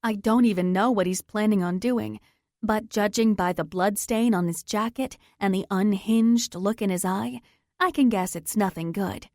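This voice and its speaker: A woman's voice: mid-range voice, moderate pace, a little mellow, no room sound, clean studio sound. A woman narrating a first-person romance audiobook in a tense, dramatic manner.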